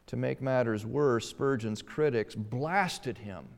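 A man preaching a sermon, swinging between emphatic rises and hushed, slow passages. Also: medium pitch, gravelly. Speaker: pastor. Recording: long hall reverb.

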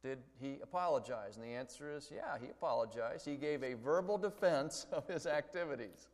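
A man in a middle-range voice teaches a Bible lesson in a relaxed, conversational way, using small stories to make his points. His words carry a long reverb, as in a large hall. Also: mid-range voice, normal speed. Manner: conversational, explains with story examples. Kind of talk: church lecture.

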